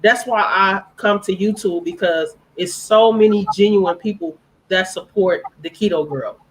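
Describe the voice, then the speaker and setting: A woman's voice: medium pitch, low-quality recording. A woman speaking on a live-stream panel, earnest and heartfelt, repeating phrases for emphasis.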